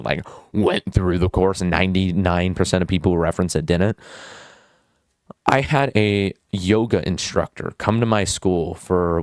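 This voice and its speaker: A man's voice: deep voice, a little mellow, no echo, studio quality. A young man vlogging about habits in a blunt, rambling way, with casual swearing. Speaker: student vlogger. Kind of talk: casual self-help vlog.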